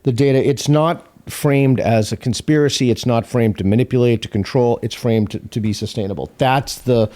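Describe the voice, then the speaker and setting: A man chiming in on a podcast discussion with quick, measured remarks. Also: medium pitch, darkish tone. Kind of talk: casual talk show discussion.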